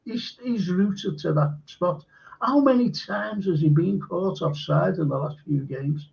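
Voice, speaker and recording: A man hosting a casual live-streamed football chat, his slightly high voice carrying a gravelly fry. He hands out blunt, emphatic verdicts padded with fillers, and the sound is dull and lo-fi. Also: measured pace, a little mellow.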